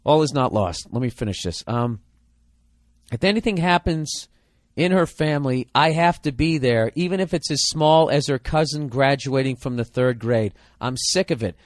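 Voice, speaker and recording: A man's voice: medium pitch, moderate pace, no room sound, studio quality. Man ranting in a profane podcast. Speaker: podcast host giving advice. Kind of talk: comedic podcast rant.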